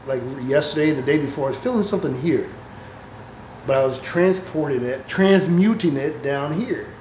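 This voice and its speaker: A man's voice: on the high side, lively intonation, normal speed, darkish tone, echoey room, a little hiss or hum, low-quality recording. A man talking in a casual, rambling spiritual monologue, swearing freely and laughing often as he talks. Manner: rambling, profane, laughs often, reads passages aloud. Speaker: spiritual vlogger.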